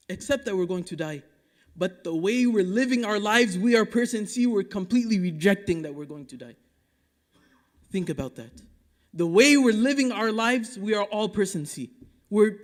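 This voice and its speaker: High-pitched guy from dallas preaching friday sermon, fired up then hushed, big mosque reverb. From Dallas, Texas. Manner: impassioned, rhetorical, swinging between loud urging and hushed asides; recites Quranic Arabic quickly between English explanation. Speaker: imam giving the Friday sermon. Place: mosque prayer hall. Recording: long reverb of a mosque hall.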